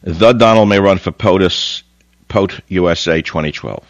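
A man's voice: moderate pace, no room sound, highs cut off. An older man hosting a talk radio show, delivering a combative, mocking monologue. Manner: combative, mocking, sweeping pitch jumps.

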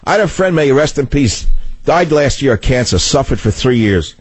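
Talk radio host, New York accent, loud and argumentative, husky, dry studio sound. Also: male voice, mid-range voice, animated, a little fast, dry recording. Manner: loud, combative, rambling.

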